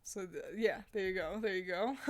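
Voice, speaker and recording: A woman streamer chatting casually with her viewers. She rambles and laughs often between thoughts. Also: medium pitch. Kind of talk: casual livestream chat answering viewers.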